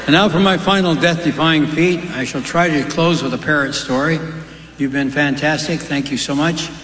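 A man's voice: fairly high pitch, normal speed, a little hiss or hum. A man telling stand-up jokes in a folksy way, with offhand asides dropped between the punchlines. His voice rings through a large live venue, and the hall's long reverb trails after each line. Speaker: stand-up comedian. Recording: roomy hall with long reverb.

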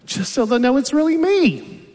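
With a very high, very animated voice that is a little mellow, a fifty-something comedian tells dry, self-deprecating stories at a moderate pace. He is doing stand-up in a theater, where the big venue creates a long hall reverb.

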